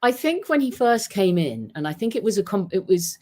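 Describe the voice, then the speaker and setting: A man chatting about football on a podcast, telling stories in an animated way, with many restarts. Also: sits high, fairly quick. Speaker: podcast guest. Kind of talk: casual football chat. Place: home with a dog.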